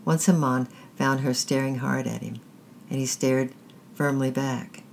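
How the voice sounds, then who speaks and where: Gravelly storybook narrator. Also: mid-range voice, fairly even intonation, slight background noise. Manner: measured, deliberate reading. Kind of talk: scripted narration of a children's story.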